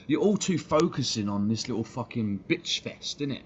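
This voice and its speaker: A man's voice: medium pitch, lively intonation, brisk, hardly any pauses, muffled recording, a little hiss or hum. A man, talking on a live stream in a blunt, slangy way and swearing freely. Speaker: football fan streamer.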